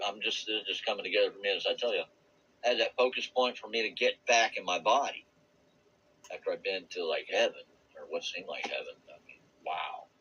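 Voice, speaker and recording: A man giving a rambling, earnest personal testimony about a spiritual experience. He searches for words and laughs softly now and then. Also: on the low side, slightly rough, highs cut off. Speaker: vlogger sharing a spiritual experience.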